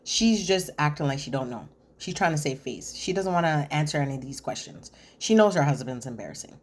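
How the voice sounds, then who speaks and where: Low-pitched woman host, sassy and conversational, recaps reality TV like she's gossiping with a friend. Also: normal speed, darkish tone, a little hiss or hum. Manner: sassy, chatty, talks straight to viewer. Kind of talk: casual episode recap commentary.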